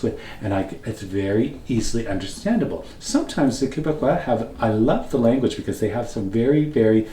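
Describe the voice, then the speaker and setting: A man from Canada whose first language is French, chatting and telling stories in a lively way as a podcast co-host. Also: medium pitch, fairly quick, hardly any pauses, slight background noise. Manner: chatty, animated storyteller. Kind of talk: casual chat. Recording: roomy, mic at a distance.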